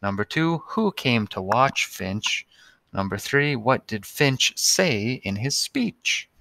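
A man's voice: medium pitch, expressive, takes it slowly, creaky, bright, forceful tone, no room sound. A male teacher giving a recorded lesson to young students, patient and spelling out words one by one.

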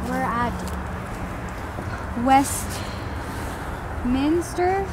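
A woman chatting casually on a handheld vlog camera, giggly and playful. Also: high voice. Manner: giggly, playful, slow-spoken. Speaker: vlogger's partner. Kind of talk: casual chat. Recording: outdoor noise in background.

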